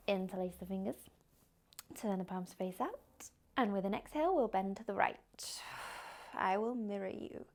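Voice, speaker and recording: A young woman teaching a yoga class, giving calm, gently encouraging cues. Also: medium pitch, creaky. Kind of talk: guided yoga instruction.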